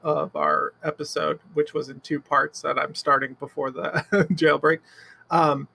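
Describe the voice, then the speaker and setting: A man playing in a tabletop game, recapping slowly and haltingly while he searches for words. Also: fairly high pitch, level tone, gravelly, pushed and bright, slight background noise. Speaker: player.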